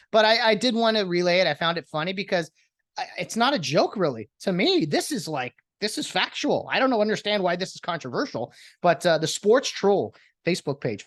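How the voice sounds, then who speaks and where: A man hosting a casual solo podcast, rambling and getting excitable as a sports fan. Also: sits high, brisk, no echo, studio quality. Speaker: podcast host.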